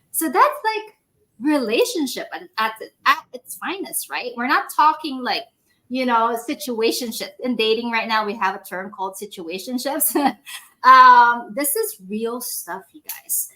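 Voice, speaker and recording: A woman in her forties, a medical device sales rep guesting on a podcast, telling stories in a casual, animated way, laughing often and acting out quoted dialogue. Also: on the high side, moderate pace. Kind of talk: casual storytelling interview.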